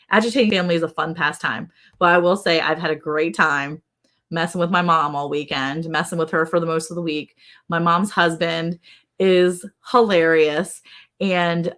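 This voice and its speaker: Animated woman host telling family stories. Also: on the low side. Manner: animated storyteller who acts out relatives' lines in a raised voice; laughs often while talking. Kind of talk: casual live-stream chat.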